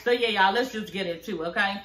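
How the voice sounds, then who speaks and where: A woman's voice: medium pitch, fast, a bit bright, reverberant, slight background noise. A woman in her thirties hosting her own channel, ranting in a sassy, profane, fired-up way about a reality show. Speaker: reality TV reviewer, channel host. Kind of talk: ranting reaction commentary. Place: home at night.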